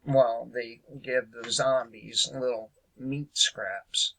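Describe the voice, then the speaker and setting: A man's voice: mid-range voice, flat delivery, slow, few pauses, fairly bright tone, rough recording. A man hosting a casual political commentary show, speaking hesitantly with lots of fillers and a sarcastic edge.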